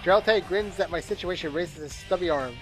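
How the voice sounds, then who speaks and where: A man's voice: high voice, a little fast, over music. A man reading a game's narration aloud during a playthrough, tired and bored, with small slips and asides. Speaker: gameplay commentator reading game text aloud.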